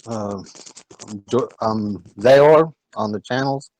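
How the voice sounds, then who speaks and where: Halting slow-talking man. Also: on the low side, a little mellow, no echo, poor audio. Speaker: player.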